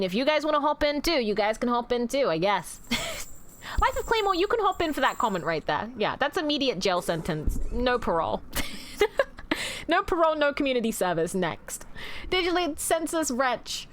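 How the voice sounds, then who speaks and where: A woman's voice: sits high, fairly bright tone, slight background noise. A woman streamer chatting casually with her viewers, teasing them in theatrical mock-villain banter and swearing freely. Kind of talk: casual livestream chat with viewers.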